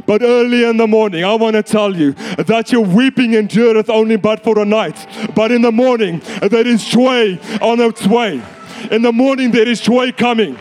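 Male preacher, high pitch, fervent repetitive delivery, soft music bed. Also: normal speed, hardly any pauses. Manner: fervent, builds to shouts, repeats phrases. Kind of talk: sermon.

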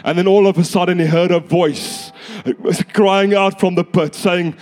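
A fervent male preacher with a high voice, pressing his points through repetition and building to shouts. Faint music plays behind him. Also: steady tone, moderate pace. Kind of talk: sermon.

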